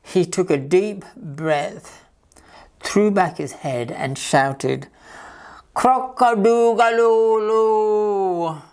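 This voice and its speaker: A woman reading a picture book aloud to children as a library storyteller, in a slow, gentle, clear manner. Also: low-pitched.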